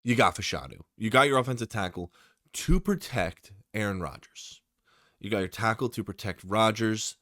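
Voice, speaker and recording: A man's voice: lowish voice, normal speed, no echo, clean studio sound. A man giving casual, opinionated commentary on football draft picks, talking straight to his viewers, tired late at night. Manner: opinionated, excitable, talks to the viewer. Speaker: sports YouTuber.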